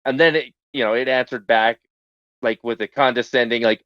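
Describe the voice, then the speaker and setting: A man on a podcast telling a story in casual chat, hesitant with many restarts, getting animated as he goes. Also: medium pitch, moderate pace, clear, resonant tone, no echo, muffled recording.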